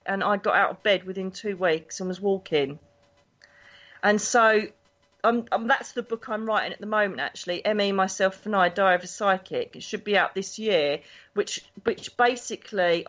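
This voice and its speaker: A woman, a psychic guest telling stories in a chatty, animated way. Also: mid-range voice. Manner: animated, chatty, acts out voices in her anecdotes. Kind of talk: casual storytelling interview. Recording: dull lo-fi recording.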